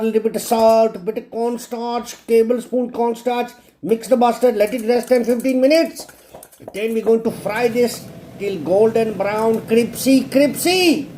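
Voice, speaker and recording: Cook demo host, male, crude and cheeky. He swears freely and keeps a mellow tone. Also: high-pitched. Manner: blunt, crude, constant swearing, playful jokes; repeats words for emphasis. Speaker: home cook showing a recipe. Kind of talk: casual cooking demonstration.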